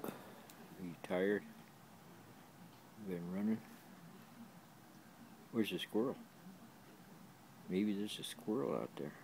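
A man's voice: sits low, slow, creaky, pauses often, background noise. A man in a backyard talking to his dog in sing-song baby talk, repeating himself while filming on a handheld camera. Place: backyard, outdoors.

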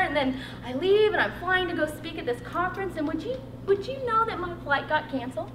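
A woman, giving a personal testimony talk at a workshop, animated and laughing, saying "like" a lot. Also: very high voice, distant mic, slight background noise. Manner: animated, laughing storyteller, heavy use of "like". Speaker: workshop speaker. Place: college hall. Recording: roomy hall echo.

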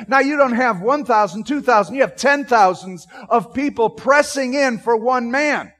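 A man preaches through a Bible chapter with lively energy, acting out scenes as he goes. He keeps turning to his listeners with questions. His voice sits high for a man. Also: normal speed, few pauses. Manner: animated, acts out scenes; asks the audience questions. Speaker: Bible teacher. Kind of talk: sermon.

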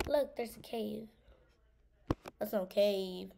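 Girl playing a game and chatting, kinda slow, lots of vocal fry, calls everyone bro. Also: medium pitch, background noise. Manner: teasing, says "bro" a lot, scared outbursts. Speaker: gamer. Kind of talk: casual gameplay commentary.

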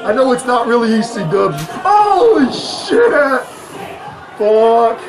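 A man hosting a reaction channel who yells, swears and laughs through his commentary, and whose voice is going hoarse. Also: very high-pitched, steady tone, normal speed. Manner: loud, profane, shouting and laughing often. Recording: wrestling video's music and crowd playing underneath. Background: music and crowd noise from the watched video.

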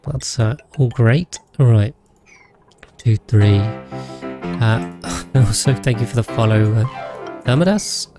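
A man's voice: mid-range voice, fairly even intonation, slow pace, pauses often, music in the background. A man rambling casually as he streams a game, thinking aloud and thanking his viewers. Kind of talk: casual gameplay livestream chat.

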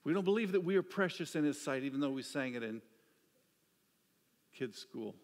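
A man preaching a sermon, telling stories with an animated delivery that drops to hushed, quiet asides. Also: on the high side, normal speed. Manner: storytelling, swings from animated to hushed. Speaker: pastor. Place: church sanctuary. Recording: church hall reverb.

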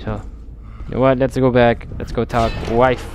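This let's play commentary comes from a gameplay commentator with a mid-range voice, little pitch movement, and normal speed, over a noisy background. Playing a video game, he thinks aloud in a bemused way, frequently restarting his sentences.

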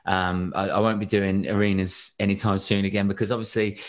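A young British man, a singer, chatting as a podcast guest and telling animated stories with frequent laughs and restarts. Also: on the low side, brisk. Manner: animated storyteller, laughs often, many restarts. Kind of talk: casual interview chat.

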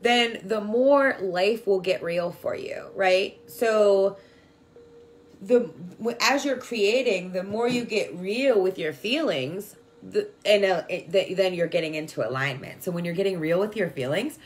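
A woman speaks straight to her viewers in a loose, chatty way, sprinkling her talk with "like" and "right?". Her voice sits in an ordinary middle pitch, and she sounds affectionate toward the people watching. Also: unhurried. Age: adult with a young daughter. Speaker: spiritual vlogger. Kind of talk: casual spiritual talk to viewers.

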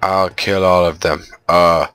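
A man's voice: deep voice, level tone, measured pace, a bit bright, clear, resonant tone, no echo. A man commenting on a horror video game while he plays, easily frightened and full of exclamations. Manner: jumpy, easily scared, lots of exclamations. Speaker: gaming video host.

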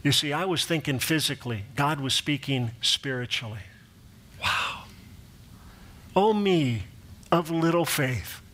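Male pastor, middle-aged, preaching with lively storytelling, slightly higher-pitched voice, acts out the voices in his anecdotes. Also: measured pace, pauses often, slight background noise. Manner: animated storyteller, acts out quoted voices, laughs at his own jokes. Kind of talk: sermon with personal storytelling.

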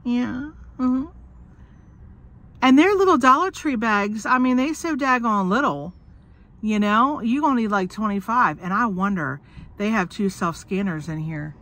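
A woman's voice: a little high, expressive, measured pace, fairly bright tone. A woman vlogging from inside a car on her phone, chatting and joking while sick with a cough, swearing and laughing often. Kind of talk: casual chat to camera.

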